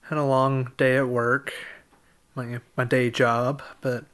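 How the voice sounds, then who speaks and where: A man co-hosting a casual history podcast, chatting easily and then reading history segments in an even, informative way. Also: medium pitch, takes it slowly, clear, resonant tone. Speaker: podcast co-host.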